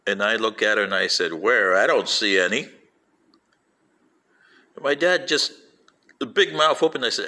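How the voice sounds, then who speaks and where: An older man rambling through a personal anecdote, acting out quoted voices with lively storytelling. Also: lowish voice, normal speed, pauses often. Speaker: vlogger playing an alien commentator.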